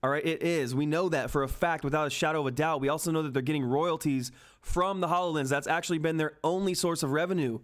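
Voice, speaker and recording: A man hosting a live stock market stream, talking excitedly and emphatically to his chat from home, repeating himself for emphasis. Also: on the high side, fast. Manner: hyped, repetitive, emphatic, swears mildly. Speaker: stock market livestream host.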